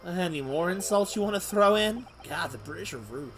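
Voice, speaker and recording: A man's voice: high-pitched, animated, a little fast, hardly any pauses, fairly bright tone, faint music behind. A man streaming a courtroom game live, making amused, wry asides between the lines. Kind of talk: live game playthrough with commentary.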